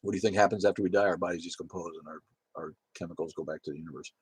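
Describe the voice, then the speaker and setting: Low husky guy on a livestream, rambling, swearing, laughing, dry close sound. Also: fairly even intonation, rapid-fire, dry recording. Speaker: livestream host reading chat comments. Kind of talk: casual profane livestream chat.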